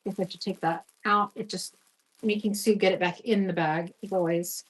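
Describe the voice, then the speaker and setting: A woman's voice: mid-range voice, steady tone, normal speed. A middle-aged woman hosting a live-stream craft sale, chatty and upbeat, thanking viewers by name. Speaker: host selling craft supplies. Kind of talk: live-stream selling chat.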